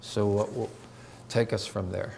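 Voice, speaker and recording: This is a man hosting a talk show interview, asking easy, prompting questions. His voice is low and gravelly with plenty of fry. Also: level tone, measured pace, darkish tone. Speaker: interview host.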